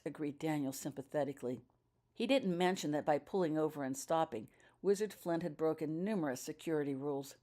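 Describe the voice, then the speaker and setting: A woman narrating her own fan fiction as an audiobook with steady storytelling. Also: deep voice, brisk.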